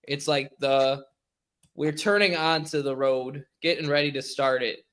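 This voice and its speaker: A man's voice: medium pitch, steady tone, a little slow, a bit bright. A man co-hosting a podcast over a remote call, telling stories in casual chat and laughing often. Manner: laughing storyteller. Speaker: podcast co-host.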